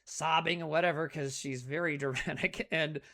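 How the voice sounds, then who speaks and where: A woman with a deep voice, talking at normal speed, co-hosts a podcast and recaps a film. Her chat is casual, profane and animated, stuffed with acted quotes.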